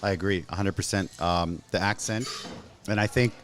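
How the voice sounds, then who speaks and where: Deep-voiced Canadian man, lively storyteller. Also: normal speed. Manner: animated storyteller, acts out quotes. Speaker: host. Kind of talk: casual chat.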